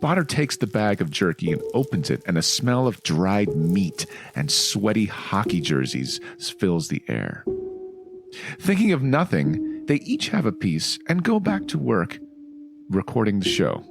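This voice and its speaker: Low-pitched male co-host, very expressive delivery, casual and profane. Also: unhurried, vocal fry, over music. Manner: animated, swearing, playful asides. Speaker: podcast co-host. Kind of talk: reading a listener email aloud, casual chat.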